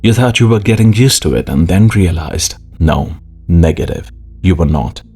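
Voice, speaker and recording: A man narrating an audiobook in a measured, expressive way. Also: low voice, slightly rough. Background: faint music.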